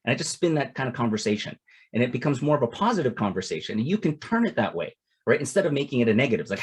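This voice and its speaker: Husky-voiced man in his forties. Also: medium pitch, big pitch swings, very fast. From Toronto, Canada. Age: 40s. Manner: conversational, often repeats "it's like" and "right?". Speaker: capital-raising coach. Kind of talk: casual instructional talk with anecdotes.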